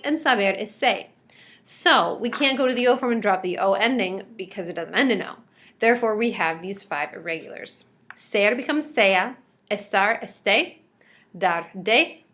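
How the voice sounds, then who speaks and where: A woman teaching a recorded grammar lesson, explaining each step clearly and switching between English and Spanish examples. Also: medium pitch, fairly bright tone.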